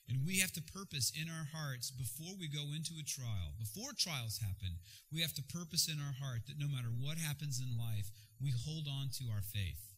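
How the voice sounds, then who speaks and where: A man preaching a sermon in an animated, jokey way with sudden bursts of energy. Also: fairly high pitch, normal speed, hardly any pauses, husky, rough recording. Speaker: pastor.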